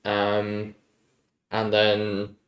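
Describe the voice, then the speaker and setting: A man's voice: lowish voice, monotone, extremely slow. A young man chatting casually through viewer questions, rambling and laid-back, easily amused. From Ireland. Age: young adult. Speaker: YouTuber answering viewer questions. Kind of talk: casual Q&A chat. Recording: echoey room.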